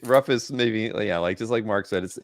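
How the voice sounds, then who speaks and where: Male co-host, fairly low voice, relaxed, runs the rounds. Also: moderate pace. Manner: easygoing, moves the show along. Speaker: co-host of sales show. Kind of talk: live sales stream chat.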